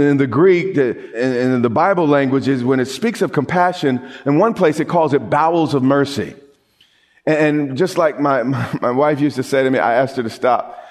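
Lively man preaching a sermon. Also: medium pitch. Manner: lively preaching with repeated restarts and rising emphasis. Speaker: pastor.

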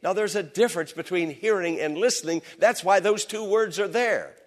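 Pastor guy preaching in church, passionate, voice rises and falls, a bit high. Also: moderate pace. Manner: passionate preaching, voice swells and drops. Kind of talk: sermon. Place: church sanctuary.

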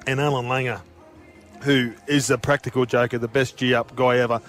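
A man with an Australian accent talks through a string of anecdotes on a radio sports show. His voice sits at an ordinary middle pitch. He tells the stories in quick, tumbling bursts and keeps slipping into laughter. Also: soft background music. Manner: animated, tumbling anecdotes, often breaking into laughter. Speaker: radio co-host, former rugby league player. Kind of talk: casual storytelling chat.

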